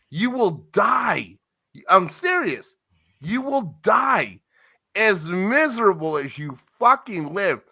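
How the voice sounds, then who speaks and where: A man's voice: high voice, bright, forceful tone. A man ranting angrily at someone, cursing heavily and dragging out words as he heats up. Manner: heated, profane, repeats insults, drawn-out words. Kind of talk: angry profane rant to camera.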